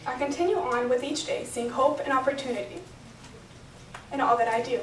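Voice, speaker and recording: Her voice high-pitched and a little fast, a young woman delivers her bat mitzvah speech from notes, sounding earnest and emotional. The recording, made from far away in an echoey hotel function room, has a little hiss or hum.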